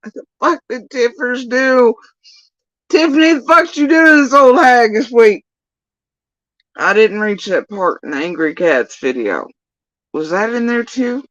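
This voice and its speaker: A woman ranting through a livestream reaction with a sarcastic, profane bite. Her pitch swings widely from line to line. The sound is dry and a little muffled. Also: lively intonation, measured pace, pauses often, a bit bright, no room sound. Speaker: livestream host. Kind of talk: casual reaction commentary.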